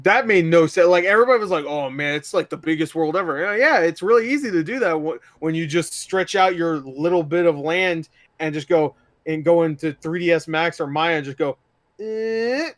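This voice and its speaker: A man's voice: a little high, fairly quick, few pauses, dry recording, clean studio sound. A man co-hosting a casual gaming podcast, joking sarcastically and swearing a lot. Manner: profane, sarcastic, animated storytelling. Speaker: podcast co-host. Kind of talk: casual chat.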